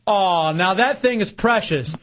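A man with a notably high speaking voice runs a rowdy radio show, egging his guests on with teasing jokes and frequent laughter. The audio is dull and lo-fi, like an old radio broadcast. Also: animated, measured pace, fairly bright tone. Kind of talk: joking talk radio banter.

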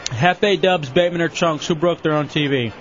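A man hosting a radio show in casual, animated banter, quick to tease and laugh. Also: on the high side, a little hiss or hum. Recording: dull lo-fi radio recording with faint music.

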